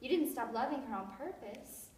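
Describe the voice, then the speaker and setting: A young woman acting out an earnest, determined young woman in love, her voice high and pleading as she presses with questions. It is heard from far off in an echoey theatre with a faint hiss behind. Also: expressive, fairly quick, darkish tone. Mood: probing. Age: young adult. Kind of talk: stage acting. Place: stage in a theatre. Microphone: far camera.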